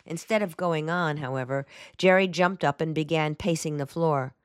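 A woman reading a novel aloud in a measured, even storytelling manner. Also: low-pitched, clean tone, no echo, studio quality. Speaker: audiobook narrator. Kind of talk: scripted narration.

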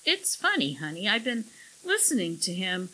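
A woman's voice: medium pitch, wildly swooping pitch, normal speed, bright, forceful tone, full character voice, poor audio. A woman doing a hesitant, easygoing young husband. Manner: tentative, trailing off mid-sentence. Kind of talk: audiobook character voice.

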